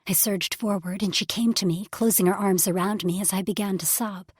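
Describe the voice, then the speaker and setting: A woman's voice: mid-range voice, steady tone, fairly quick, husky, dry recording, clean studio sound. A woman narrating a fantasy romance audiobook in first person, emotional, sometimes dropping to a whisper. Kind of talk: scripted narration.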